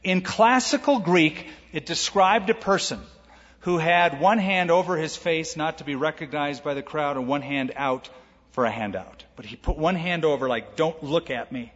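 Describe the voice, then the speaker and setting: A man pastor preaching a sermon, lively, acting out quoted voices with humor. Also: fairly high pitch, normal speed. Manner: animated, acts out quoted voices with jokes. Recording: echoey hall, dull lo-fi sound.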